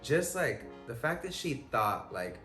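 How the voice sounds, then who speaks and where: A young man, a guest, telling a story in casual chat, animated and expressive with lots of fillers. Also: mid-range voice, a little slow, faint music behind. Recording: echoey room.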